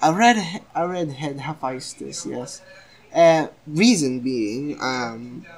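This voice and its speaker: Slow, rambling young man retelling a story. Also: mid-range voice. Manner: rambling, hesitant, apologetic.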